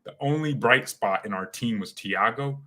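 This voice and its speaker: A young man hosting a casual fan livestream, talking in an animated, slangy, excitable way. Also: medium pitch, normal speed. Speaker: fan channel host.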